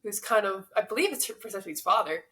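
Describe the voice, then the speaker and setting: A young woman co-hosting a podcast, retelling a myth in a relaxed, joking way. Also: mid-range voice, brisk. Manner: relaxed, joking, self-deprecating. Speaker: podcast co-host. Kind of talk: casual chat and myth retelling.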